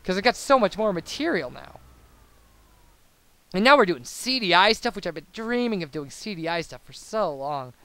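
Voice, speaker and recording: High-voiced rambling young guy. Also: very animated, normal speed, sharp tone, clear, resonant tone, no room sound. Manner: rambling and babbling, lots of fillers and tangents. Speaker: let's play commentator. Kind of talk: casual post-commentary chat over gameplay.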